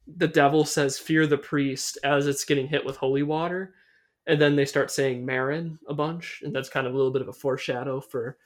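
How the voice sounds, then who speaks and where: A young man casually recapping a horror film on a podcast, rambling and swearing, with lots of fillers. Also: medium pitch. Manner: loose and rambling, swears a lot, many fillers. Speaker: podcast host. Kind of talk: casual movie recap chat.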